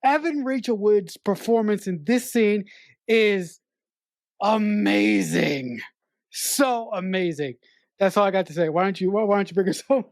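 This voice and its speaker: A woman's voice: medium pitch, measured pace, creaky, darkish tone, no room sound, studio quality. A woman co-hosting a podcast, chatting casually about a film, emphatic and swearing as she speaks frankly about her own life. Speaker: podcast co-host. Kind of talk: casual film review chat.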